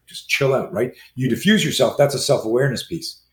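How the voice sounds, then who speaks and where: A man in his sixties, a self-defense trainer, telling stories as a guest and acting out quoted dialogue in a lively way. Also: mid-range voice. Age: 60s. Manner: acts out quoted dialogue, fast lively delivery. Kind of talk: animated storytelling in conversation. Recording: roomy echo with faint ambience.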